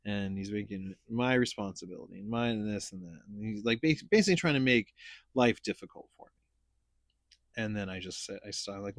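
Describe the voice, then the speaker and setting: A man's voice: on the low side, a little fast, no echo, studio quality. A man hosting a casual podcast chat, telling stories in a blunt, profane, rambling way. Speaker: podcast host.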